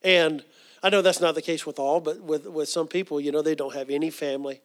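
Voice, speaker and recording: High-voiced man preaching a sermon. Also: steady tone, fairly quick. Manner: earnest storytelling, with frequent fillers.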